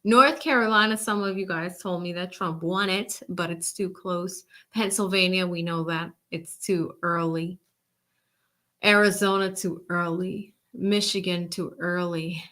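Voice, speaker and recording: A woman's voice: lowish voice, a little slow. A woman from Boston with a Boston accent, hosting a live election-night stream and chatting casually with her viewers. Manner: animated, chatty, addresses chat directly. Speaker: livestream host.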